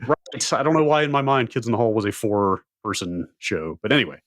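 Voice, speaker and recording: A man hosts a live stream in relaxed, casual chat, thinking out loud as he goes. His voice is lively in pitch and the sound is dry and close. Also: fairly quick, no echo. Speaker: stream host.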